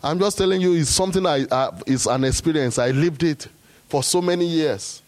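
Man preaching a sermon. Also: a little fast. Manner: preaching, rising to loud high exhortation.

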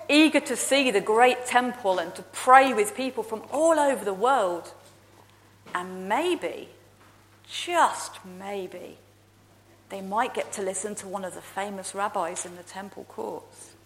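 A woman minister leading prayer and telling a Bible story with a measured, expressive delivery. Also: a little high. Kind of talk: sermon with prayer and children's story. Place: church. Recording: long reverb in a large hall.

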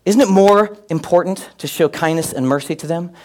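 A man preaching a sermon, mixing scripture with comic personal stories and getting loud and animated at times. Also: on the high side, normal speed. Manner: animated, comic asides, rising to near-shouts. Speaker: pastor.

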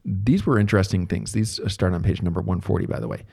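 A man giving a relaxed, conversational recorded lecture as a therapy instructor, thinking aloud as he explains. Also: sits low, quick pace, vocal fry, husky.

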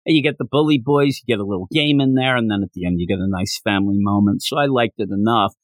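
A man's voice: fairly low pitch, quick pace, no room sound. A man hosting a podcast, chatting casually and acting out lines as he retells a comic chapter. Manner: animated storyteller, acts out quotes. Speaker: podcast host. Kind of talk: casual chat recapping a manga chapter.

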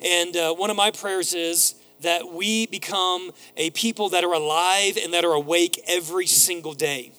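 A man in his thirties preaching a sermon as pastor, telling animated stories and acting out voices. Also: sits high, normal speed, hardly any pauses, smooth, faint music behind.

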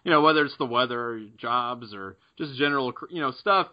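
A man chats easily on a sports podcast at a middle pitch. The recording sounds a little dull and muffled. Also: a little fast. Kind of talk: casual podcast chat.

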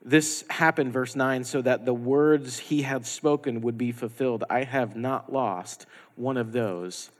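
A man preaching a sermon as the pastor, animated and lively, acting out the quotes he tells. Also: mid-range voice, measured pace, few pauses. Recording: long hall reverb.

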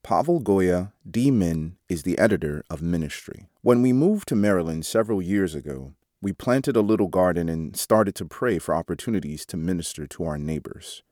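A man reading a devotional article aloud in a measured way, announcing each quotation out loud. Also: sits low, expressive, dry recording, clean studio sound. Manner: measured, reads quote marks aloud. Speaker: devotional reader.

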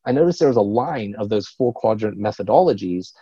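A man who works as a business coach, talking as a podcast guest in a quick, energetic way and telling stories with a lot of animation. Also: fairly low pitch, slightly rough, no room sound, lo-fi sound. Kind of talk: podcast interview.

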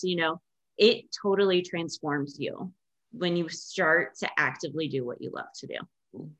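A woman's voice: low-pitched, unhurried, a bit bright. A woman hosting a podcast, chatting casually and telling stories with enthusiasm. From Indiana, USA. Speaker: podcast host. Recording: dull, muffled sound.

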